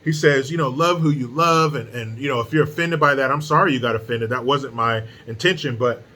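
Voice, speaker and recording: A man's voice: medium pitch, fairly quick, bright, forceful tone. A man hosting his own opinion commentary, talking bluntly and sarcastically, with frequent swearing. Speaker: political commentary host.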